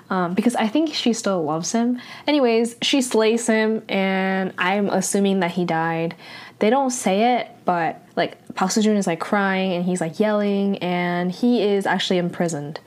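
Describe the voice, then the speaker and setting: A woman's voice: medium pitch, unhurried. A young woman recapping a drama episode in casual chat, rambling and full of filler words, growing exasperated as she reacts. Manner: exasperated, animated when reacting.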